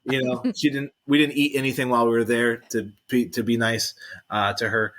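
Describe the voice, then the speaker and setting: Bright-voiced man telling a story. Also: medium pitch, fairly quick. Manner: deadpan anecdote telling, acts out other people's lines. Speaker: podcast co-host. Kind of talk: casual storytelling.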